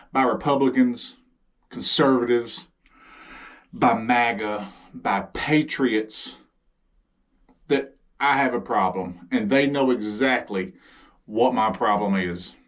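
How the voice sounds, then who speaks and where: A sarcastic man with a Southern US accent hosts his own comedy monologue. He talks slowly and drawls, sounding exasperated as he goes. His voice sits at a middle pitch. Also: expressive, far from the mic. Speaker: comedy vlogger.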